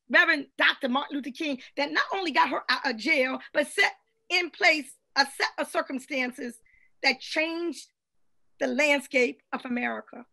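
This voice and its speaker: A woman preaching a rousing sermon over a video call, building to shouted call-and-response. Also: high-pitched, normal speed, creaky. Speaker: guest minister.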